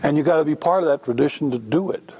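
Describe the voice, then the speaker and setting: A man presenting at a workshop, explaining ideas in a relaxed, conversational way. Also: on the high side, quick pace, low-quality recording. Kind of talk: workshop lecture with role-play demo.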